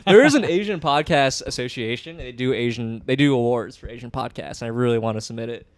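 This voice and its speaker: A man's voice: medium pitch, fast talker, no echo, studio quality. A man co-hosting a casual podcast, joking and laughing a lot as he talks. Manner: laughs often, jokey and self-mocking. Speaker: podcast co-host. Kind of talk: casual chat.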